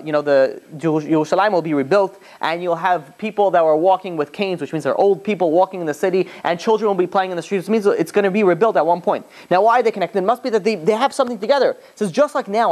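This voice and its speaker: A man's voice: high-pitched, quick pace, hardly any pauses, darkish tone. A man, a rabbi, retelling a rabbinic story as a class in a loose, chatty way with frequent restarts and asides. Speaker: rabbi teaching.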